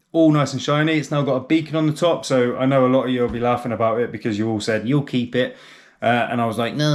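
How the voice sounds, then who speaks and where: A man hosting a casual car vlog, chatty and chummy with rambling asides. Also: a little high. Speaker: channel host.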